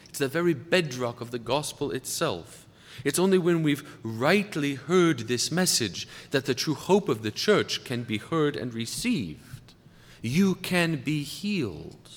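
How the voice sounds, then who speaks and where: A man at an everyday mid-range pitch speaks in a preacher's measured cadence, addressing fellow clergy. He slows and drops his voice to weigh down key words. His voice rings out with the long, lingering reverb of a large hall. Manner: deliberate, slowing down to stress key words. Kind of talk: sermon-style lecture.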